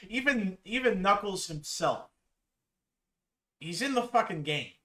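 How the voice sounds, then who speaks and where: A man's voice: high-pitched, expressive, slow, fairly bright tone. A young man casually commenting on videos as a streamer, laid-back, swearing and laughing often.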